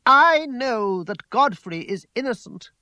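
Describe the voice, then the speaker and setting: Brief: man doing a passionate young lady, raised pitch, lively and forceful, dry close read. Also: moderate pace, no echo. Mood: distraught. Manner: higher, louder, emphatic delivery. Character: young woman, passionate and imperious.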